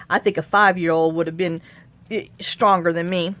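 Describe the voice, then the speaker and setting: A woman telling a story in a casual vlog, animated and acting out the quotes. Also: fairly low pitch, moderate pace. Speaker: crafting vlogger.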